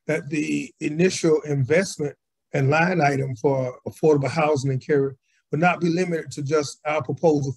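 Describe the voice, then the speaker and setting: A man delivering a prepared civic speech in a measured, read-aloud way. His voice is a little high and husky. It comes through a video call. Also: a little mellow. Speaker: community organizer speaker. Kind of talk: prepared speech at a virtual assembly.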